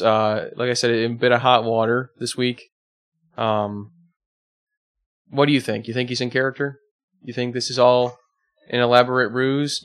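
A man's voice: mid-range voice, a bit bright. A man co-hosting a podcast, laid-back, throwing in dry asides in casual chat. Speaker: podcast co-host.

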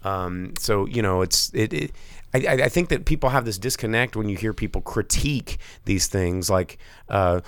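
A man co-hosting a casual movie chat, tired and with a raw throat, rambling and animated with many restarts. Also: lowish voice, normal speed, creaky, dry recording. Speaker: podcast co-host.

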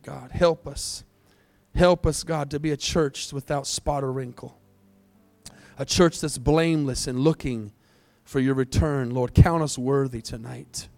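A man preaching and praying with fervent intensity, rising to loud pleas and then dropping to near-hushed tones. His voice sits a little high for a man, and the sound is close and dry, with little room reflection. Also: clean tone, no room sound. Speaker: pastor. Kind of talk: sermon prayer and altar call. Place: church sanctuary, also streamed online.

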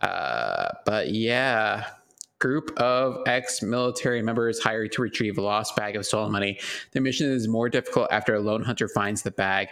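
A man with a fairly deep voice chats casually as a podcast co-host. He laughs often and restarts his sentences as he goes. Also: moderate pace, gravelly, a bit bright. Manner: chuckling, stumbling over his words.

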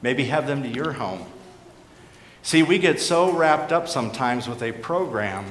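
A man preaching a sermon as pastor, earnest and questioning, dropping to quiet emphasis on key points. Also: medium pitch, lively intonation, measured pace. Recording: echoey hall with faint background noise.

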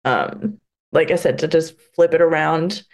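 A young woman speaks openly in an interview, her voice sitting a little low. She talks earnestly, with many restarts and halting phrases. Now and then emotion catches in her voice. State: emotional, near tears at times. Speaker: podcast guest, blind adaptive athlete. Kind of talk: candid interview conversation.

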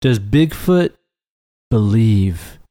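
A man's voice: on the low side, lively intonation, very slow, mellow, no echo, studio quality. A man co-hosting a movie podcast in casual chat, jokey and profane, riffing on bits. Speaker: podcast co-host.

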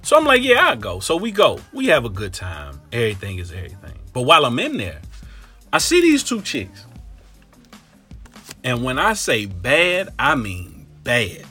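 Husky man from Ohio telling a comic story, forceful, slangy, lively delivery. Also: mid-range voice, moderate pace, faint music behind. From Cincinnati, Ohio. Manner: animated, slangy and profane.

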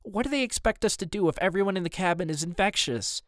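A man's voice: a little high, animated, unhurried, smooth, no room sound, studio quality, voice pushed up. A man voicing a caring mother holding her family together under strain, in an audiobook. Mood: soothing, worried. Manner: soothing but strained. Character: caring, stressed middle-aged mother.

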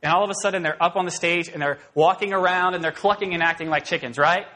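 Animated man preaching a sermon. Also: high-pitched, quick pace. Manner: conversational and animated, with raised emphatic bursts. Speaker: pastor. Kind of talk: expository sermon.

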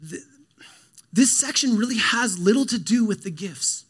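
A man with a fairly high voice preaches a sermon. He talks in a relaxed, conversational way and often restarts his sentences, and his delivery turns animated as he explains the passage. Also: normal speed, slightly rough. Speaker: pastor.

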